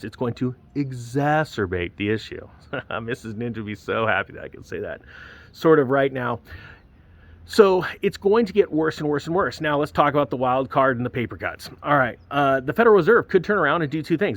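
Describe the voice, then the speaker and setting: A man hosting a finance video, talking casually and animatedly to his viewers, drifting into motivational tangents. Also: mid-range voice. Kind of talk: casual direct-to-camera commentary.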